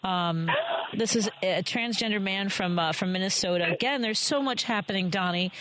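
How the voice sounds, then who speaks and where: A woman's voice: mid-range voice, moderate pace, background noise. Impassioned woman talk radio host. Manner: impassioned, rambling, many restarts.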